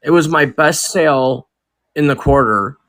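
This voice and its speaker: A man on a video call telling a short true story, quick and self-amused. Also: fairly high pitch, fairly bright tone. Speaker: participant.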